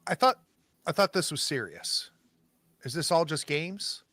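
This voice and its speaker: A man playing an impatient male investigator who asks sharp, challenging questions in a tabletop game. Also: a little high, big pitch swings, a little slow, no echo, pitched above the performer's own voice, full character voice.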